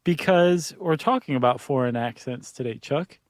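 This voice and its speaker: A man co-hosting a podcast in casual chat, relaxed and joking, thinking aloud with fillers. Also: medium pitch, moderate pace, no echo. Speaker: podcast co-host.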